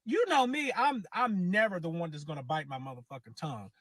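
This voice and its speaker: A man's voice: fairly high pitch, fairly quick, a bit bright, no echo. A man hosting his own channel, telling a personal story in a casual, rambling way, swearing a lot and repeating himself. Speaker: host.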